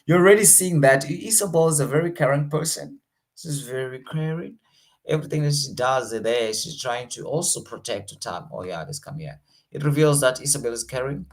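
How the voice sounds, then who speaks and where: A man's voice: medium pitch, lively intonation, fairly quick. Casual South African male teacher. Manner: casual and slangy, switching between languages. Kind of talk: online exam revision lesson.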